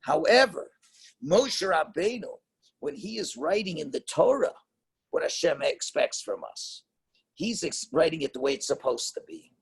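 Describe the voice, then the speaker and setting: A man, a rabbi, giving a Torah class lecture with emphatic stresses and rhetorical questions, swinging between loud stresses and soft asides. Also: on the high side, big pitch swings, a little slow, slightly rough. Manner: emphatic, rhetorical questions, mixes Hebrew and Yiddish terms.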